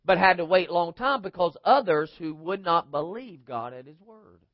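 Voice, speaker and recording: A man's voice: sits high, expressive, moderate pace, no room sound, highs cut off. A man preaching a sermon in an emphatic, conversational way, asking the congregation rhetorical questions. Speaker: pastor.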